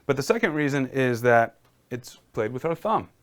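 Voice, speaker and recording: A man's voice: medium pitch, big pitch swings, moderate pace, a bit bright. A man teaching a casual live-streamed piano lesson, encouraging and talking viewers through exercises.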